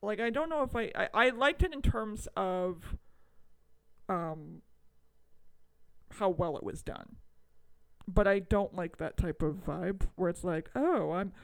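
Brief: woman with a gravelly, creaky voice, podcast co-host, hesitant and thoughtful. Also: medium pitch, animated, takes it slowly, long pauses. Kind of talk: casual chat.

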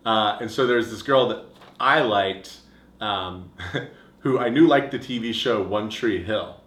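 Deadpan young man, echoey room. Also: on the low side, unhurried. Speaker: podcast co-host. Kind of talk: casual chat.

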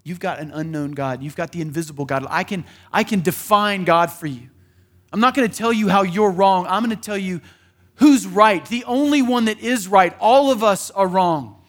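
A man's voice: high voice, moderate pace, fairly bright tone. A male pastor preaching a sermon in a conversational way, often acting out the voices he quotes.

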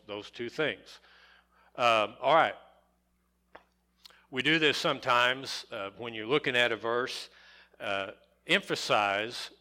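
A middle-aged man preaching a sermon, deliberate and repetitive, stressing single words and building to emphatic peaks. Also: mid-range voice, bright, forceful tone. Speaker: pastor.

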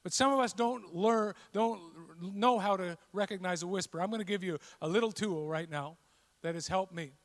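A man preaching a sermon, telling a scripture story and building to loud, passionate repetition. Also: high-pitched, brisk. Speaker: pastor.

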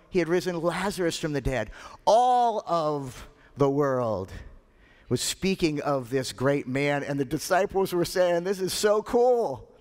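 A male pastor preaching a sermon, retelling scripture with animated delivery and dramatic pauses. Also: fairly high pitch, in a large hall. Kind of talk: sermon storytelling.

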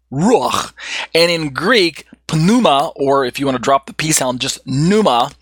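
A man's voice: medium pitch, a bit bright, no room sound. A man giving an unscripted theology lecture, rambling with many restarts and fillers. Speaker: Bible teacher.

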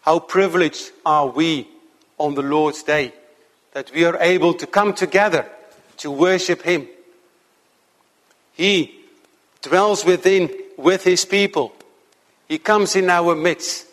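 A man preaching a sermon to his congregation in an earnest, measured way, slowing down to stress key points. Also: fairly high pitch, fairly even intonation, fairly bright tone, long reverb tail. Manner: earnest, measured preaching with slow emphatic stretches.

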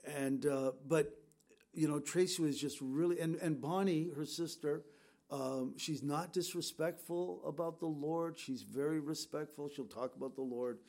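A man's voice: a little high, measured pace, vocal fry, darkish tone. A middle-aged man pastor speaking to his congregation in a conversational, storytelling way, with fillers and restarts. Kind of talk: sermon.

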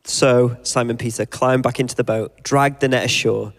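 A man preaching a sermon, reflective, reading passages aloud and slowing down for emphasis. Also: medium pitch, steady tone. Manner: reflective, reads scripture and story aloud, slows for emphasis.

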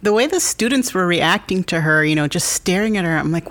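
A woman's voice: fairly low pitch, lively intonation, a little fast, hardly any pauses. A woman on a movie podcast panel, candid about her tastes. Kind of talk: casual movie chat.

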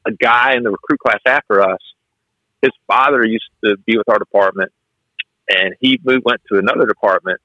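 A man's voice: fairly low pitch, a little fast, no echo, lo-fi sound. A man who is a fire officer, telling stories in a conversational interview and acting out the lines of the people in them. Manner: animated storyteller who acts out quotes.

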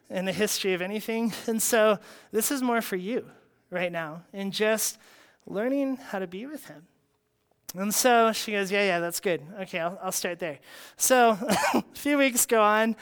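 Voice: mid-range voice, a bit bright, smooth. A house church leader telling a personal faith story, acting out the dialogue and laughing often.

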